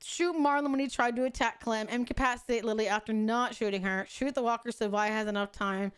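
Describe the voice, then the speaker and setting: A woman's voice: a little high, steady tone, brisk, smooth. A young adult woman streaming a game, talking casually with chat, swearing and laughing in exasperation between affectionate greetings. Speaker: VTuber streamer.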